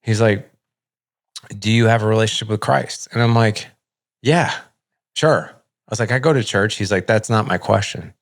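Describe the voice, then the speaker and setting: A man's voice: lowish voice, steady tone, a little fast, gravelly, no echo, studio quality. A middle-aged man, a podcast host, candidly telling a personal story in a casual, conversational way, full of "like" and acted-out dialogue. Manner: heavy use of filler "like", acts out dialogue.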